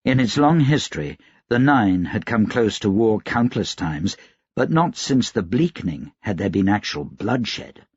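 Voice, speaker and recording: Brief: male audiobook narrator, husky gravelly low voice, measured read, dry dull recording. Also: big pitch swings, darkish tone, no room sound. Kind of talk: scripted narration.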